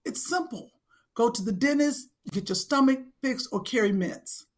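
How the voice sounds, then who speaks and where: A woman's voice: on the high side, normal speed. A woman co-hosting a casual chat, blunt and teasing with her co-hosts. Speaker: co-host.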